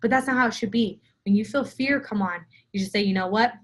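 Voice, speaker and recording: A woman's voice: medium pitch, quick pace. A young adult woman giving an emphatic motivational talk to her weight-loss group, speaking straight to the camera and repeating her key phrases. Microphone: phone or camera for a live video.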